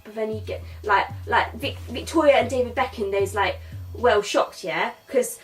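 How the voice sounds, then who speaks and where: In a character comedy podcast, a woman with a slightly high voice lightly acts as Bobby, a boastful, cocky young male Londoner. At a moderate pace she rambles crudely, tagging on "yeah?" and "mate", recorded from a distance and a bit off-mic over soft background music.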